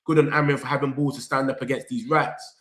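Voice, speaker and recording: A young man, hosting a football fan reaction vlog. He talks in an animated, slangy way, straight to his viewers, and reads their comments aloud. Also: medium pitch, fast talker. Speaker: football fan channel host. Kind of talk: excited live reaction vlog. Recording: echoey room.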